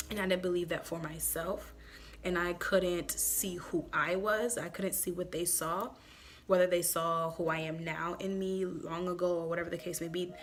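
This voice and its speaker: A woman's voice: on the low side, a bit bright. A woman telling a heartfelt personal testimony in a conversational way, tearful at times, using many fillers. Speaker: church member sharing a personal testimony. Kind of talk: emotional personal testimony vlog.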